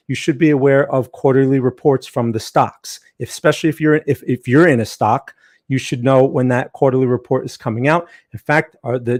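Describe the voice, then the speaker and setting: A man's voice: medium pitch, a little mellow. A man hosting a trading livestream, talking casually through market events with joking asides and frequent "right?" checks.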